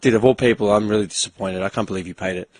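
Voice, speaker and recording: An Australian man hosting a casual chat show, telling stories in a profane, animated way and acting out both sides of conversations. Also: on the low side, rapid-fire, no room sound. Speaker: podcast host.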